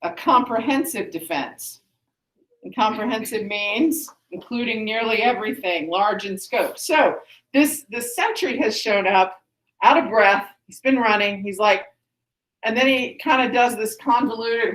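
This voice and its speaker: A woman's voice: fairly high pitch, unhurried. A woman teacher walking a class through a play, chatty and full of restarts, asking the students questions. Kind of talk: classroom lesson, explaining a play. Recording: echoey classroom.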